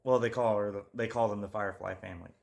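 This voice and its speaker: A man's voice: fairly low pitch, fairly even intonation, quick pace, gravelly, darkish tone. A man co-hosting a podcast, chatting loosely about true crime, swearing often and losing his train of thought. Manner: rambling, swears a lot, trails off. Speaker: podcast co-host. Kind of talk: casual true-crime chat.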